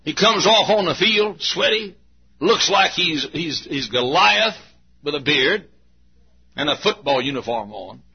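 A man preaching a sermon in a church, folksy, swinging from low asides to shouts. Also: lively intonation, unhurried, slightly rough. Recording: muffled lo-fi recording.

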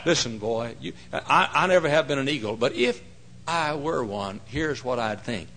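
A male pastor preaching a folksy, emphatic sermon that swings into loud cries. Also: medium pitch, animated, moderate pace.

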